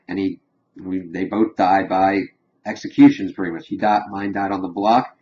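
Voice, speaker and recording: Guy with a lowish voice rambling through a tv episode recap, acting out the lines, dull lo-fi sound. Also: steady tone, moderate pace, dark tone. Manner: rambling, retells scenes in quoted lines. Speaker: TV show reviewer. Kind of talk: casual recap and review.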